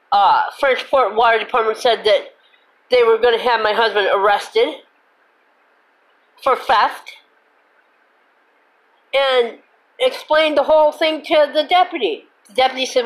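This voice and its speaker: A woman's voice: sits high, poor audio. Fed-up woman host ranting. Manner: indignant, cusses and then apologizes; repetitive, emphatic complaining. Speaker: host of her own show. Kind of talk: angry rant.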